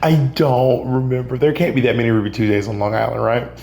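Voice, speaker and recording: A man's voice: mid-range voice, quick pace, vocal fry, darkish tone. A man from Georgia in the US, a guest on a podcast, telling stories animatedly and acting out other people's lines. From Georgia, USA. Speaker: podcast guest, drag performer and comedian. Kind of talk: casual storytelling in an interview. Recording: roomy echo with a faint hum.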